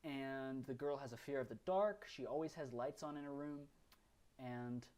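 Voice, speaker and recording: A man's voice: medium pitch, moderate pace, a little mellow. A man co-hosting a podcast, recapping films in casual, rambling chat full of fillers and restarts. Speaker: podcast co-host.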